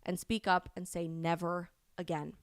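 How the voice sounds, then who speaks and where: A woman hosting a live stream, delivering impassioned commentary that rises to loud, indignant peaks. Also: lowish voice, level tone, moderate pace, no echo, clean studio sound. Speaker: host of a live stream show.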